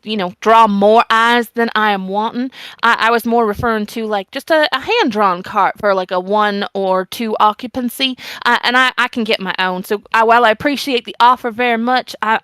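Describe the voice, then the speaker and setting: A woman voicing a polite, guarded adventurer with a Southern accent, courteous and halting as she turns down an offer. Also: mid-range voice, fairly bright tone, smooth, no room sound, natural voice. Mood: politely firm. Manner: halting, courteous, over-explaining.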